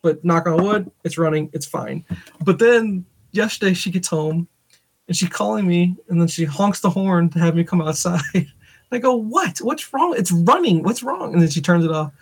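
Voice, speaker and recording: A man co-hosting a podcast, telling animated stories in casual chat and laughing often. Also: on the high side, normal speed. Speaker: podcast co-host.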